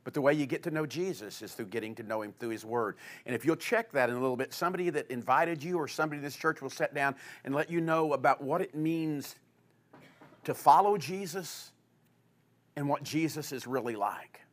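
Male pastor, fairly high voice, sermon delivery that rises loud and drops to quiet, low asides. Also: brisk.

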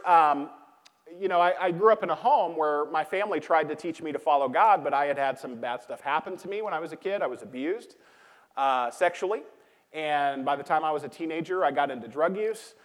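High-voiced male pastor in echoing hall. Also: a little fast. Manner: conversational, with frequent fillers and repeated key lines. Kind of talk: sermon. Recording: long hall reverb.

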